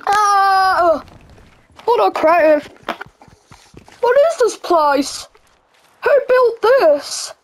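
A woman doing a jumpy, squeaky teenage boy. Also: lively intonation, very slow, pauses often, full character voice. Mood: bewildered. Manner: yelps and gasps a lot. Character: excitable teenage boy, easily startled. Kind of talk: game role-play.

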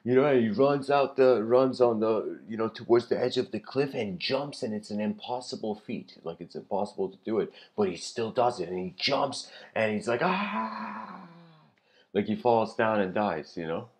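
A man giving a spoken lecture, telling a long story in a loose way, with many fillers and throat clearing. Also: on the low side, moderate pace, few pauses, a little mellow. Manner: loose, full of "you know" fillers, frequent throat clearing.

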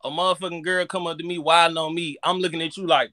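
A high, bright Southern man rants in a profane, animated way. His voice is sharp and forceful. It sounds close and dry, with no room echo. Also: fast talker. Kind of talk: casual chat.

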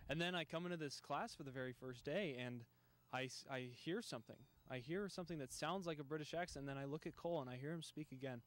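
Earnest young man, slightly high voice. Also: fast talker. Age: young adult. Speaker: student interviewee. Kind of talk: casual interview.

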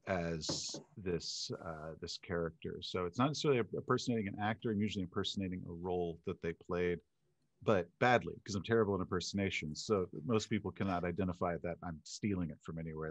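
A man's voice: low-pitched, no echo. A man speaking as a guest on a casual panel, with dry, self-deprecating humor.

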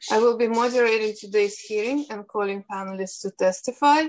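A woman with a Russian accent moderating a council hearing over a video call, reading formal procedural instructions in a measured way. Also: medium pitch, poor audio. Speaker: hearing moderator, policy analyst.

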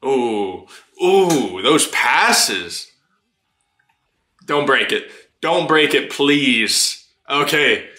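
Excitable man reacting, bright and lively. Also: mid-range voice, extremely slow. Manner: excitable, laughs often, swears freely. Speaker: anime reaction channel host. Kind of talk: casual reaction commentary. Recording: roomy echo.

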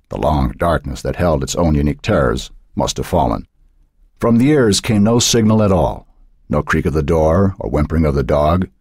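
Deep, husky male narrator. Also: no echo, clean studio sound. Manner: dark, suspenseful storytelling. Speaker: audiobook narrator. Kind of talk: scripted narration.

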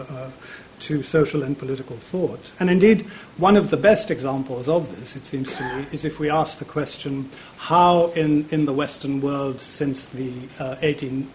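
A man in his fifties gives a public lecture in a university lecture theatre. His voice sits a little high for a man. He keeps stalling on fillers and repeating words as he thinks aloud, with a faint rumble underneath. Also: a little mellow.

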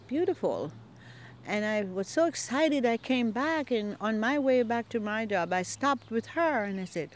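Older woman gardener, lively storyteller acting out quoted voices, outdoor interview. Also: fairly high pitch, moderate pace. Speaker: longtime community gardener.

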